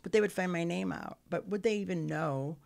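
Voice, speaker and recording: A middle-aged woman appears as a podcast guest, telling her life story candidly. Her lowish, darkish voice has vocal fry, and she speaks earnestly but haltingly, often restarting.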